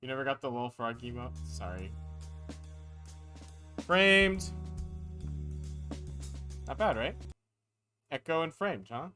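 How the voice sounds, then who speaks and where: A man's voice: mid-range voice, very animated, moderate pace, a bit bright, faint music behind. A tired man chatting casually on a live stream, rambling, playful and self-deprecating.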